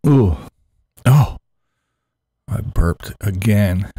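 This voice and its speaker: A man's voice: fairly low pitch, lively intonation, extremely slow, dark tone, breathy edge, no echo. A man hosting a laid-back, crude morning live stream chat, talking to viewers in the chat.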